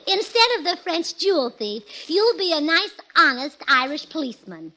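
A woman's voice: high voice, big pitch swings, moderate pace, sharp tone, heavily acted. A woman playing a cheerful, scatterbrained young wife in 1940s radio comedy, giggly and earnestly illogical. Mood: bubbly. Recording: old 1940s radio broadcast.

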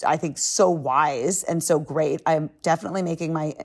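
A middle-aged woman talking casually and emphatically through a book summary, with animated asides. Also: sits low, moderate pace.

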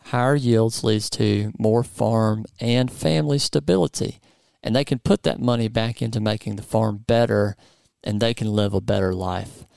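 A man hosting a casual studio chat, relaxed and playful, with lots of fillers. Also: lowish voice, normal speed, vocal fry, no echo. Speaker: podcast host.

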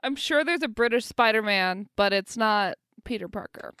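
A woman's voice: on the high side, expressive, moderate pace, fairly bright tone, clear, resonant tone, no room sound. Sarcastic young woman podcast co-host. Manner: sarcastic, laughs often. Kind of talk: casual comedic chat.

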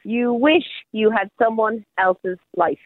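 A woman's voice: a little high, slow pace, no room sound. A woman life coach talking casually on the radio, upbeat and motivational. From Australia. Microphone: phone call. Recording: phone line.

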